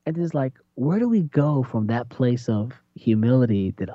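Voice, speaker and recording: A man preaching in a conversational sermon, animated and acting out voices with big jumps in pitch. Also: moderate pace, hardly any pauses, dry recording. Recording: dull lo-fi sound.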